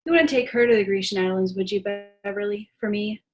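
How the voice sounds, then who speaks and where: Young woman acting a dry wry secretary, mid-pitched, video call. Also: fairly quick, darkish tone, lo-fi sound, lightly acted. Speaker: student actor. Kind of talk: school play over video call.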